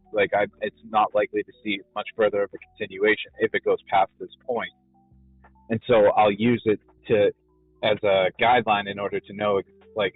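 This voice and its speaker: A man explaining his trading approach in casual talk, halting and full of fillers and restarts. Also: lowish voice, breathy edge. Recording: phone-like lo-fi audio with faint music.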